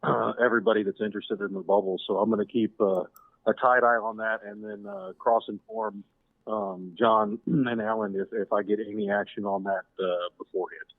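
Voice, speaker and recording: A man's voice: lowish voice, normal speed, no room sound. A man joining a talk show as a guest, chatting casually and animatedly. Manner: hesitant, then animated storytelling. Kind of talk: casual chat. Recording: tinny dry phone-line call.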